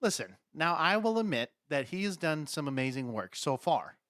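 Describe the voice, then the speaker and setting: A man co-hosting a casual podcast, loud and excitable, swearing often. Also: on the high side, moderate pace, dry recording, studio quality. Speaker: podcast co-host.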